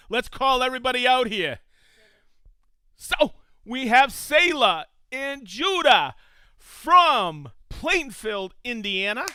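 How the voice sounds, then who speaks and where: A man hosts a live stream with a bright, clear voice that sits high and swings widely in pitch. He sounds enthusiastic as he greets viewers by name and hometown. The sound is close and dry. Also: no echo. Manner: enthusiastic, reads out viewer locations. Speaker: host of a live tool show. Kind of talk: casual live-stream chat.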